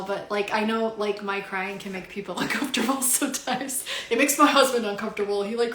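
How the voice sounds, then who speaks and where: A woman's voice: on the high side, fairly even intonation, fairly quick, few pauses, fairly bright tone. A young woman giving a spiritual card reading on a home livestream, emotional and near tears, gushing with awe and many fillers. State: teary, emotional. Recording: roomy echo.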